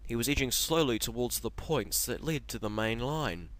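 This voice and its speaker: A man's voice: mid-range voice, normal speed. A man narrating a comic cartoon parody in a storybook style. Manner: lively, animated storytelling.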